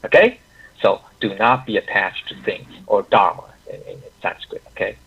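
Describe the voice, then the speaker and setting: A man teaching an online class, talking in a halting way with many restarts and frequent "okay, right?" check-ins. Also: lowish voice, expressive, vocal fry, husky, dull audio.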